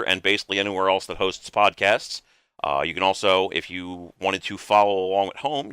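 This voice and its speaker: A male podcast host with a bright, crisp voice speaks earnestly and with emphasis, dropping casual swears. The sound is dry and close, with no room around it. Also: on the low side, dry recording.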